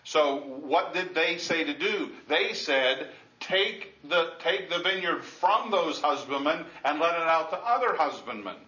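Bright-voiced preacher man in an echoey room. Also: fairly high pitch, lively intonation, unhurried. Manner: conversational, with frequent restarts and repeated words; reads scripture aloud in old formal wording. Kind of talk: expository Bible teaching sermon. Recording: echoey, dull lo-fi room recording.

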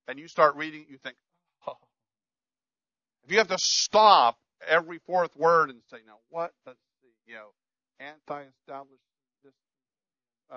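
Emphatic man preaching, bright voice. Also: fairly high pitch, no room sound, muffled recording. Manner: emphatic, repeats key phrases. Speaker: pastor. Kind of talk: sermon.

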